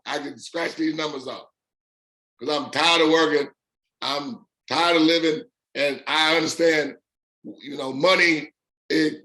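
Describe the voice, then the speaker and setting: A man with a fairly high voice talks to his online community in an unscripted live stream. He hammers his points home in short repeated lists and stretches out the words he wants to land. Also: bright, forceful tone. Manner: emphatic, repeats phrases in punchy lists. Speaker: host of an online business community.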